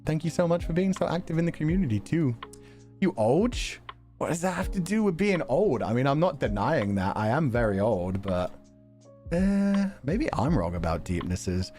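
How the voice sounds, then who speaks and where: Chatty male streamer with a lively voice. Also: fairly high pitch, normal speed, faint music behind. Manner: chatty, laughs often, reacts to chat and videos. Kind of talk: casual stream chat.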